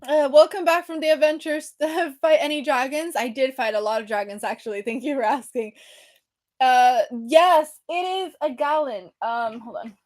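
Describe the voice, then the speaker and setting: A young woman with a high, light voice chats casually on a livestream, bubbly and easily distracted. She talks straight to her viewers and sounds a little out of breath. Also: normal speed, darkish tone. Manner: bubbly, chatty, distracted, reads comments aloud. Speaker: livestream host.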